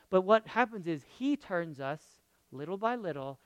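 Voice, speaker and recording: A male pastor preaching with a lively, high voice that climbs and dips all over the place. He repeats phrases for emphasis and drops from loud declarations to near whispers. The sound is smooth and dry, right up on the mic. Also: moderate pace, no echo. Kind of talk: sermon.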